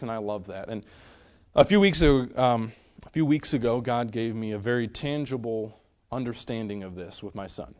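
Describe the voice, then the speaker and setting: A young man delivers an earnest sermon in a medium-pitched voice, shifting between loud emphasis and soft, hushed storytelling.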